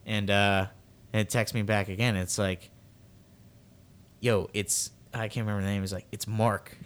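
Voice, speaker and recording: A man's voice: fairly low pitch, flat delivery, moderate pace, a bit bright. A young man co-hosting a podcast, telling a long story in a rambling, casual way with lots of fillers and acted quotes. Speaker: podcast co-host.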